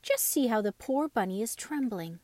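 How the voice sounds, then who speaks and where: A woman voicing a kind, gently scolding girl rag doll in a storybook reading. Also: a little high, expressive, normal speed, no room sound, studio quality, close to an everyday voice.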